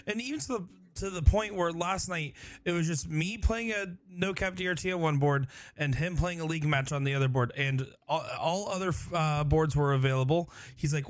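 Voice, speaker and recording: Male guest, animated storyteller, high pitch, dry close sound. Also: brisk, no room sound.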